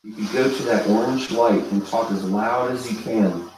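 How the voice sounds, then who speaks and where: A man hosting a live ghost hunt, calling softly and coaxingly to a spirit in a large old hotel room. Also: fairly low pitch, normal speed, distant mic, slight background noise. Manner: hushed, coaxing calls to a spirit. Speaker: paranormal event host. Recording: very echoey room, voice from afar.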